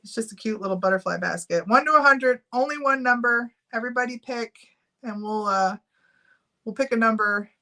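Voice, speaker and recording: A woman's voice: a little high, fairly quick, pushed and bright. A middle-aged woman chatting casually on a live stream, giggling often and reading out viewer names while she runs a giveaway.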